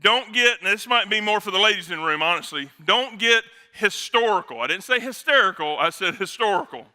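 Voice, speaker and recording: Bright, high-voiced joking male preacher. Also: expressive. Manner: joking, conversational preaching with quick asides. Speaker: pastor. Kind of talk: sermon.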